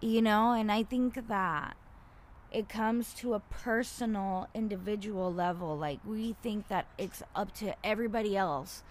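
A woman at an ordinary pitch talking in a loose, rambling monologue full of fillers and swearing. She rants bluntly and grows loud and indignant when she retells a run-in. A faint hiss sits under her voice. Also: a little slow. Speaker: podcaster. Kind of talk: casual ranting monologue.

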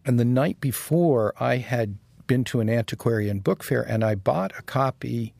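A man's voice: mid-range voice, moderate pace, creaky, a little mellow, no echo. A man being interviewed as a designer, talking casually and reflectively and chuckling as he tells anecdotes. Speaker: guest designer.

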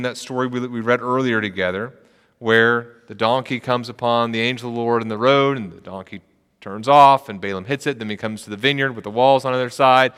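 Bright-voiced male pastor preaching in a hall. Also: mid-range voice, clean tone. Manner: retells the story with acted quotes. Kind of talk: sermon.

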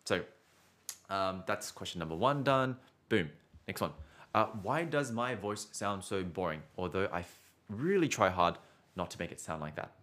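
Chatty male vocal coach, lowish voice. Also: lively intonation, normal speed, fairly bright tone. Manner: chatty and encouraging, ends points with "right?"; often restarts words. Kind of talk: casual spoken singing lesson.

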